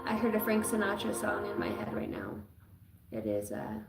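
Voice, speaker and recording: A woman's voice: mid-range voice, very animated, moderate pace, gravelly. A woman giving an intuitive card reading on a livestream. She talks loosely, swears freely and now and then breaks into chanted sounds. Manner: loose, profane, bursts into chanting. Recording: roomy room with music behind.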